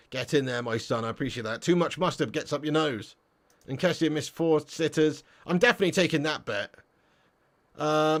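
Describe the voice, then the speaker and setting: A man hosting a live football fan stream, reading chat comments and ranting bluntly with plenty of swearing. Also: fairly high pitch. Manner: swearing, blunt, excitable rants. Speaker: football fan channel host.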